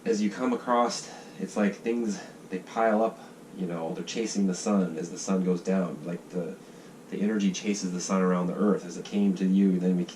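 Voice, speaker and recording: A man's voice: low voice, fairly even intonation, normal speed, darkish tone. A man from the United States, talking casually in a rambling monologue, swearing and acting out the voices of groups. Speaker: vlogger sketching ideas. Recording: distant mic with faint noise.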